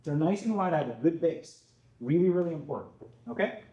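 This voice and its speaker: A man giving a calm, step-by-step self-defense demonstration lesson, often checking in with "okay?". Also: on the high side, a little fast.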